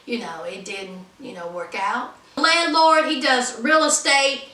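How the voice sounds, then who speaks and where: A woman's voice: fairly high pitch, a little slow, bright, forceful tone. A woman hosting a podcast, giving a sassy, chatty recap of a reality show and talking straight to her listeners. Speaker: podcast host. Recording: roomy, distant from mic.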